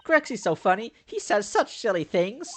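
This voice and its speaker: A game player voicing a cheerful ten-year-old girl in a high, girlish voice. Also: big pitch swings, normal speed.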